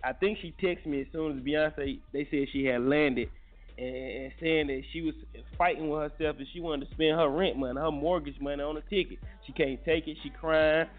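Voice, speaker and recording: Animated male talk host, phone-thin sound. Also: on the high side, normal speed, phone-quality sound, faint music behind. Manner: loud, joking, teasing, swears freely. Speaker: morning show host. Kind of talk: casual call-in chat.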